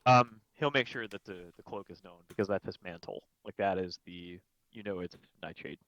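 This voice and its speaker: Low-voiced player man. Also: moderate pace, fairly bright tone, no room sound, dull audio. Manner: rambling, laughs through his lines. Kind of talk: casual tabletop play.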